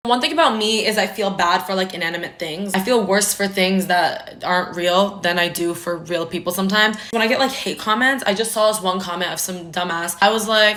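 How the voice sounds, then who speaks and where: A young woman in her twenties chats straight to the camera in a relaxed vlog. She is candid and talkative, swears without a second thought and plays out her own reactions as she goes. Her voice sits at an ordinary middle pitch for a woman. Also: brisk, hardly any pauses. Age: 20s. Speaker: social media creator. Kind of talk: casual vlog chat to camera.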